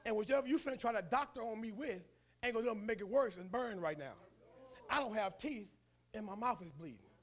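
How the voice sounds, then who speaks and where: A man voicing a hurt young boy who talks fast and insistently. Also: high-pitched, lively intonation. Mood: distraught.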